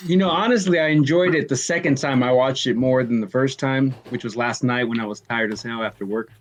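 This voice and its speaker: A man's voice: medium pitch, fairly quick. A man co-hosting a podcast, giving his opinions candidly in casual chat, with some swearing. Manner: candid, profane, easygoing opinions. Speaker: podcast co-host.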